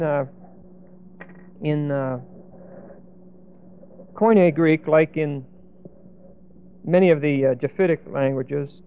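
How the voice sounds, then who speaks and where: A man's voice: fairly high pitch, slight background noise. A man teaching a Bible passage in an explanatory, emphatic way, often checking in with "okay?" and "see?". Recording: tinny phone-like lo-fi sound.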